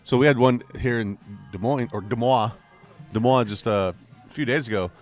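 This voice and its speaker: A man's voice: mid-range voice, moderate pace. American guy cohosting a podcast, joking around, bit of music in the back. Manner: joking, wraps up with thanks. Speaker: podcast co-host. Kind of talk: casual chat. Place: bar.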